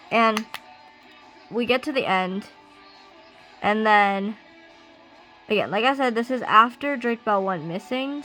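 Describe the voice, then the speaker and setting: Woman vlogger, bright lively voice, chatty rant over faint background music. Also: medium pitch, rough recording. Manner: animated, ranting, many fillers. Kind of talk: casual rant while doing makeup. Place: at home getting ready. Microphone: camera she sets up herself.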